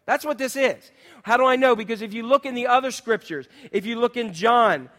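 A man's voice: very high-pitched, fairly quick, fairly bright tone. A man preaching a sermon, retelling scripture in casual modern speech and asking the congregation questions. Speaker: pastor. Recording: long hall reverb.

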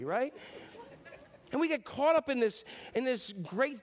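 High-voiced man in his fifties preaching. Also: animated, fairly bright tone. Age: 50s. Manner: conversational, jokey, acts out quick impressions. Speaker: pastor. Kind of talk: sermon.

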